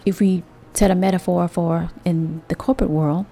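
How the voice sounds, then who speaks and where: A woman hosting a motivational monologue, talking conversationally to her listeners with drawn-out emphasis and rhetorical asides. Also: lowish voice, fairly even intonation, dark tone. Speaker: host.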